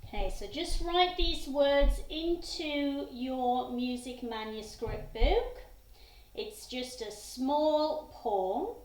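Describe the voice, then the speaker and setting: Slow, high-voiced woman teaching music. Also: expressive, darkish tone, a little hiss or hum. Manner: patient, step-by-step instruction. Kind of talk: classroom lesson to students. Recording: echoey room.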